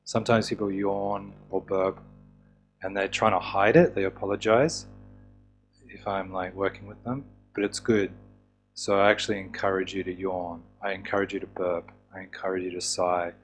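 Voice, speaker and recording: A man explains a technique in a loose, conversational teaching voice. His voice sits low, he relaxes into restarts and small fillers, and faint music plays quietly behind him. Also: little pitch movement, moderate pace. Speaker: EFT teacher. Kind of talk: casual teaching talk.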